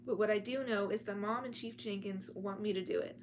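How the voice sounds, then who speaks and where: A woman's voice: mid-range voice, fairly even intonation, a little fast, slight background noise. A woman reading a thriller story aloud at home, often stumbling over words and breaking off to chat. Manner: reads with frequent restarts and chatty asides. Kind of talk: casual read-aloud storytime. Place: at home with cats nearby.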